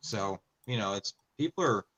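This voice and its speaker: A man in casual podcast chat, telling personal stories in an earnest, halting way. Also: on the low side, expressive, fairly bright tone, dull audio. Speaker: podcast co-host.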